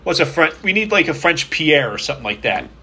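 A man's voice: a little high, big pitch swings, a little fast, pushed and bright, husky. A man co-hosting a podcast in casual chat, easygoing and teasing. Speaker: podcast co-host.

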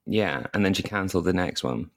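Woman, co-host, very deep voice, animated, gushing stories. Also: a little fast. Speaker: podcast co-host. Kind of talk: casual chat.

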